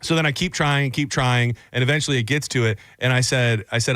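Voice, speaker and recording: A man's voice: medium pitch, steady tone, fairly quick, few pauses, fairly bright tone, no room sound, studio quality. A man hosting a radio talk show, telling a story in a casual, rambling way. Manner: rambling storyteller, many fillers and restarts. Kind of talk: casual chat.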